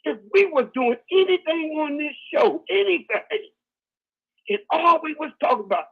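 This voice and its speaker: A man hosting a call-in radio talk show, telling folksy stories and building to shouted preaching. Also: very high voice, big pitch swings, normal speed, phone-quality sound.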